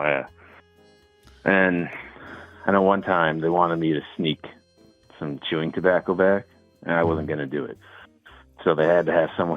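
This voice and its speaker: A caller with a very deep voice phones in on a thin, tinny line that sounds dry and close, with no room sound. In this casual call he tells his stories in a laid-back, meandering way, peppered with "like" and "you know."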